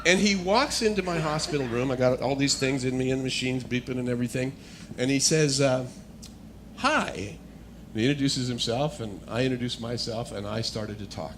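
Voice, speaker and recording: A man speaking as a guest speaker, telling a personal testimony in a storytelling manner that builds to animated excitement. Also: medium pitch, a little fast, background noise.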